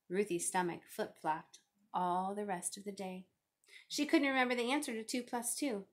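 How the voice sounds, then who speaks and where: A woman reading a children's picture book aloud, expressive and lively. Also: medium pitch, moderate pace. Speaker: reader.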